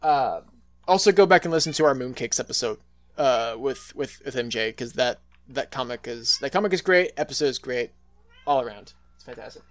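A man hosting a casual comics podcast, eagerly retelling scenes and chatting with a guest. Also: mid-range voice. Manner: excitable, retells scenes with quick quoted voices. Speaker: podcast host. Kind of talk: casual chat about comics.

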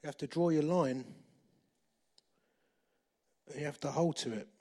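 Middle-aged male preacher, slightly high voice, storytelling sermon with loud and hushed turns. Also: unhurried, breathy edge. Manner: lively, repeats phrases for emphasis, shifts between loud and hushed.

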